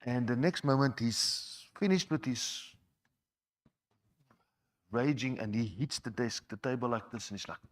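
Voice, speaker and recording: A man with a mid-range voice shares his personal testimony with a church congregation, speaking a little slowly and pausing often. His delivery is conversational, and he repeats words as he goes.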